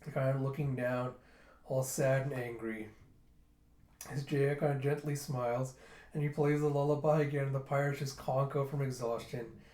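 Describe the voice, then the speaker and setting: A man's voice: mid-range voice, flat delivery, moderate pace, darkish tone. A man casually retelling a comic during a readthrough, with offhand asides. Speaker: manga reviewer. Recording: roomy echo.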